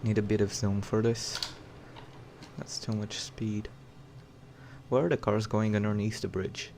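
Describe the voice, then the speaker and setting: A man with a lowish voice gives live gameplay commentary while flying a flight sim, excitable and chatty with his viewers. Engine and game noise run clearly behind him on the stream. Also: unhurried, poor audio. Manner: excitable, talks to chat.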